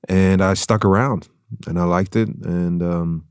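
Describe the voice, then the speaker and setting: A man from Germany with a slight German accent, a guest speaking in a reflective, measured way in a casual interview. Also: sits low, fairly even intonation, clean tone, no echo. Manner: reflective, measured, with many restarts. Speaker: guest actor. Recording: dry studio sound.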